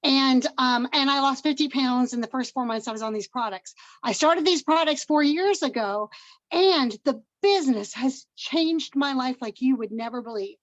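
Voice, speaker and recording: A woman's voice: high-pitched, no echo, muffled recording. An older woman from Washington State giving an upbeat, emotional personal testimony on a video call. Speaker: guest presenter.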